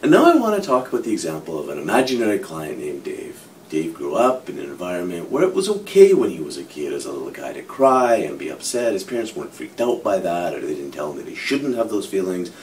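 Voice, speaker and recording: A middle-aged man with a lowish voice explains a psychological idea in a lively, animated way, leaning on everyday examples. He sits a little way from the mic, with a faint rumble underneath. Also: quick pace, hardly any pauses. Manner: animated explaining with hypothetical examples, frequent "kind of". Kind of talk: explanatory talk to camera. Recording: from a distance, faint low rumble.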